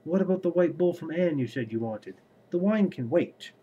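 A man's voice: a little high, expressive, moderate pace, dark tone, husky, dull audio, voice pushed up. A man reading as a grey-haired old farmer. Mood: pleading.

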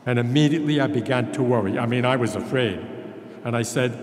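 A man's voice: medium pitch, fast. An older man, a priest, preaching a sermon in a folksy storytelling manner. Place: large church. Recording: echoey church with long reverb.

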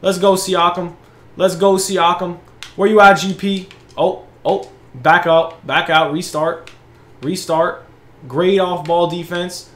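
A young man commentating his own basketball video game match, excitable, hyping his plays and groaning at misses. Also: high voice, slow, roomy sound. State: out of breath. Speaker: gaming channel host. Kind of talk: live gameplay commentary.

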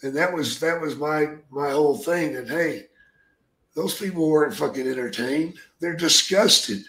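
An older man swaps war stories with a blunt, profane edge, swearing freely as he talks. His voice sits fairly high for a man. It rings out in a roomy, echoing room. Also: a bit bright. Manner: blunt, heavy swearing, drawn-out storytelling. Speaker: guest, retired wrestler. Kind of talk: profane storytelling. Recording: roomy echo.

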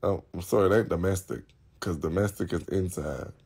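A man's voice: low-pitched, fairly quick, darkish tone, breathy edge. A man hosting a live stream, talking casually to his viewers in a blunt, profane and rambling way.

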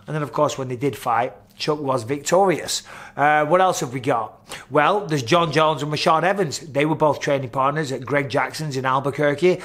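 Middle-aged guy rambling blunt fight talk, cusses a lot, voice a touch high. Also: fairly quick, fairly bright tone. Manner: blunt, swears freely, chatty storytelling. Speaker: host, former fighter. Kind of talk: casual commentary vlog.

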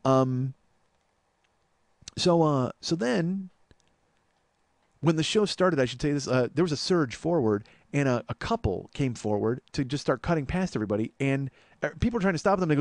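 A man in his forties hosting a comedy podcast, telling a story in an exasperated, profane, animated way. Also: fairly high pitch, normal speed, pauses often, no echo, studio quality. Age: 40s. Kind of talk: storytelling monologue.

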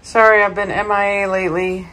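A woman's voice: mid-range voice, fairly even intonation, fairly quick, pushed and bright. A tired woman hosting a dog channel, chatting casually in the early morning, often saying "um". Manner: chatty, with frequent "um" fillers. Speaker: dog breeder and channel host. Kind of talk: casual vlog chat.

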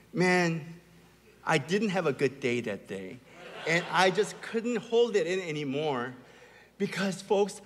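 A man's voice: on the high side, big pitch swings, unhurried. Middle-aged male pastor preaching in a reverberant hall. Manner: storytelling with rising, emphatic peaks. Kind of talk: sermon. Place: large church hall.

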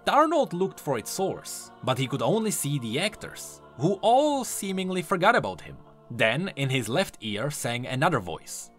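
A man narrates a scripted dark fable with dramatic, expressive delivery. His pitch rises and falls freely from line to line. Soft music plays underneath. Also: normal speed, few pauses. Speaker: lore narrator.

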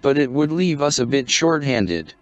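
A man's voice: mid-range voice, very animated, moderate pace, no echo, lightly acted. A man voicing a dour young Scottish ship's chief engineer, speaking dry and restrained in broad dialect. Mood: gentle. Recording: dull, muffled lo-fi recording.

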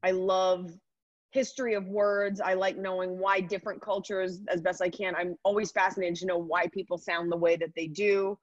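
A woman in her thirties, a comedian, chatting upbeat and quick in an interview over a video call. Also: on the low side, little pitch movement, no echo. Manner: chatty, upbeat, rapid asides. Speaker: comedian guest. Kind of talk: casual interview answers. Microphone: computer mic on a video call. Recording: dry, dull video call audio.

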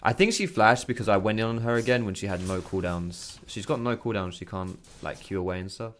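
A young man offers loose, chatty commentary on his own gameplay from his bedroom, swearing freely. His voice is fairly low and a little fast, with a slight hiss or hum, and keyboard and mouse clicks sound in the background.

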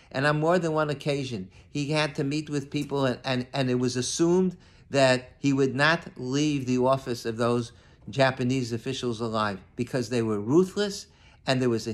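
Older rabbi giving an earnest sermon. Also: male voice, mid-range voice. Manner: earnest, conversational with many restarts, reads Hebrew verses then translates.

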